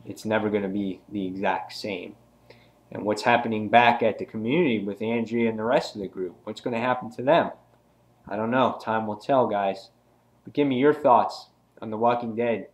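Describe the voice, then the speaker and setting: A man reviewing a comic book in a casual video, retelling scenes excitedly with many restarts. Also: lowish voice.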